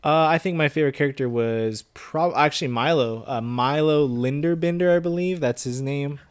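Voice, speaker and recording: A man's voice: a little high, moderate pace, clear, resonant tone. A man co-hosting a film review podcast who explains things in a casual, hesitant way full of fillers. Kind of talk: casual chat.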